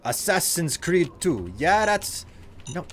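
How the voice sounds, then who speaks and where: A man putting on an exaggerated Italian accent to play a boastful, excitable male barista while streaming a game. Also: sits high, slow pace, slight background noise, pitched above the performer's own voice, exaggerated voice. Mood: hammy. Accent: put-on Italian. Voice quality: exaggerated accent with "eh?" and "yeah?" tags.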